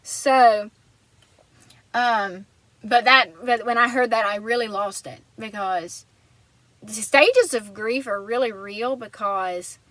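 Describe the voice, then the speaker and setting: A woman's voice: mid-range voice, sharp tone, no echo, low-quality recording. A woman vlogger telling a personal story in an earnest, rambling way, often restarting her sentences.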